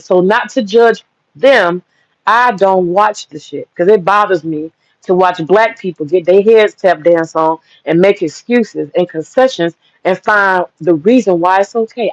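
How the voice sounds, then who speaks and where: Speaking in a mid-range voice, a woman hosts a livestream and rants heatedly and bluntly, cursing plenty. The recording is dry, dull and lo-fi.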